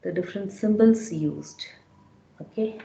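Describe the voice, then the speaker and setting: A woman's voice: medium pitch, a little slow, creaky, dark tone. A woman teaching a French class, explaining step by step and repeating words so students can follow. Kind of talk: classroom lecture. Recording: echoey room.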